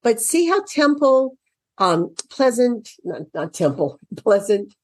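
Woman, educator, unhurried, animated pitch, reads aloud and answers her own questions. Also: dry recording, studio quality. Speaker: educator reviewing a children's workbook for parents. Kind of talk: casual explanatory walkthrough.

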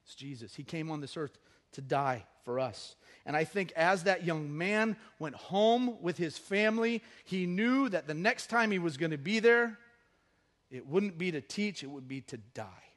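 Male pastor, high voice, animated storyteller mid-sermon in church. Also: measured pace. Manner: animated storytelling, acting out the people in his stories. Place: church service.

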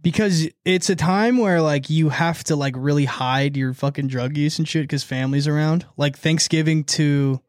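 A man's voice: fairly high pitch, normal speed, few pauses, no echo, studio quality. A man in his late twenties hosting a casual podcast chat, rambling and swearing while joking around. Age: 20s. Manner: rambling, profane, jokey. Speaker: podcast host.

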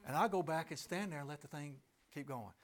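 A man's voice: on the high side, a little fast, heavy background noise. A middle-aged man telling a personal story to an audience, emphatic and asking listeners rhetorical questions. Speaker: speaker addressing an audience.

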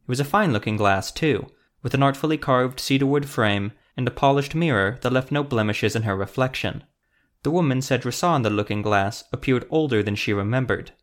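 A man reading fantasy audiobook narration in a steady, even storytelling manner. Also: mid-range voice, a little fast.

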